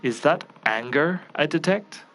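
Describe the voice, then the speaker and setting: A blunt young detective snaps out short, dry lines, as a man reads him. His voice is a touch high for a man, with a faint hiss of noise behind. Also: lively intonation, a little slow, a bit bright. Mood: terse.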